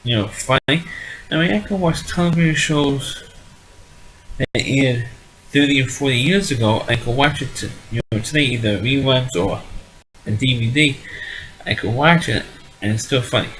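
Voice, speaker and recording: A man's voice: medium pitch, normal speed, fairly bright tone, poor audio. A man giving a casual spoken review of an old sitcom, blunt and dismissive, rambling and often restarting his sentences.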